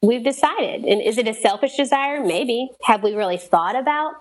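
Animated woman telling a story. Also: a little high, moderate pace. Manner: animated, quotes herself and others. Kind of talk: casual storytelling.

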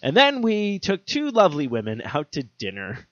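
A young man co-hosting a casual comedy podcast, telling a story and acting out the other people's voices loudly. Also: a little high, normal speed. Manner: animated, acts out quoted voices loudly. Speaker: podcast co-host. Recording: dull dry lo-fi audio.

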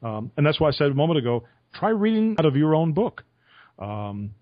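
A man with radio experience, telling stories and giving advice in a relaxed conversational way, chuckling often. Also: fairly high pitch, a little fast, dry recording, highs cut off. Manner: storytelling with chuckles. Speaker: radio interviewer. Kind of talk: conversational podcast interview.

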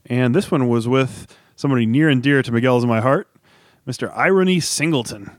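A man's voice: mid-range voice, a little fast, dry recording, clean studio sound. A man hosting a podcast, recapping a convention in a friendly, easygoing way. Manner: friendly, easygoing, laughs often. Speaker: podcast host. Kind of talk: casual podcast recap and interview.

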